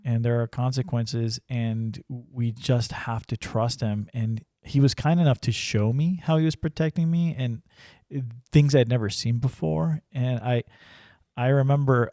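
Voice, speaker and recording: A man's voice: medium pitch, mellow, dry recording, clean studio sound. A man sharing a personal faith story in casual conversation, earnest and full of restarts. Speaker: ranch crew member sharing testimony.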